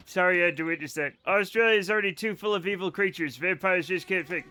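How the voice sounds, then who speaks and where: Fast and forceful, this young Scotsman's high, bright voice carries his game stream as he jokes around and rambles to chat. He keeps breaking into giggles throughout the casual livestream talk.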